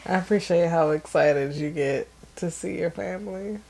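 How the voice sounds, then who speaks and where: A young woman co-hosting a podcast in casual chat, low-key and unhurried. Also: vocal fry, a little mellow. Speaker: podcast co-host.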